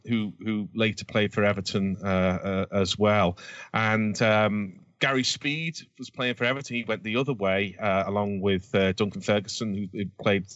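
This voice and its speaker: In a muffled recording with no room sound, a man with a lowish, fairly bright voice reminisces casually about old football games. He's a podcast co-host and Everton fan whose speech rambles hesitantly, full of fillers and restarts while he gropes for words.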